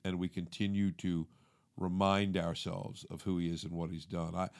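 Low-voiced man teaching casually. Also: normal speed, vocal fry. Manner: animated, acts out inner monologue; calls listener "dude". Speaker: podcast co-host. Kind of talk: conversational teaching.

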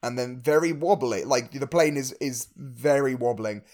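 A man's voice: mid-range voice, normal speed, a little mellow. A man co-hosting a casual film chat, thinking aloud and often repeating words as he goes. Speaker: podcast co-host.

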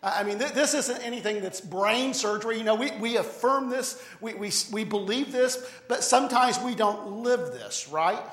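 Pastor guy with a high voice giving a sermon, chatty, keeps restarting his words, echoey church. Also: normal speed, hardly any pauses, a bit bright. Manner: conversational preaching, frequent repeated words and restarts. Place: church sanctuary.

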